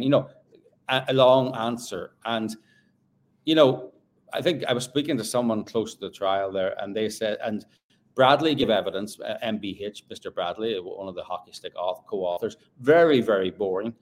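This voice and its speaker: A man, a journalist guest on a remote call, talking through a trial in an animated, halting way full of fillers and restarts. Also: fairly low pitch. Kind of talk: casual discussion.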